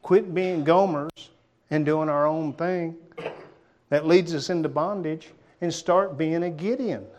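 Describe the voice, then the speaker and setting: A man's voice: fairly high pitch, unhurried. Folksy male preacher with a lightly raised voice. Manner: conversational, folksy, with dramatic drops and quiet emphasis. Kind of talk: sermon.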